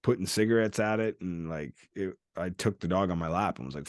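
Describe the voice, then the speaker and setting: A man's voice: low-pitched, fairly quick, dry recording, studio quality. A man hosting an unscripted chat, telling a story with lots of swearing and acting out what people said. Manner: storytelling, profane, acts out quoted voices. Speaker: podcast host.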